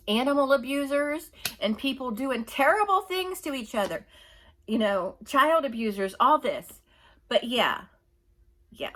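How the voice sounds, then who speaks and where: A woman's voice: medium pitch, sharp tone. A middle-aged woman ranting indignantly in her own opinion vlog, emphatic and repetitive. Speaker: YouTuber.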